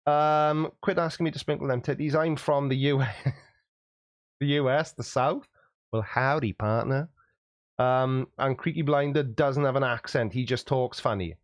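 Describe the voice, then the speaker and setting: A man's voice: mid-range voice, fairly even intonation, normal speed, no echo. A man hosting a livestream, chatting in a jokey, self-deprecating way as he reads out viewer comments. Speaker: YouTube host.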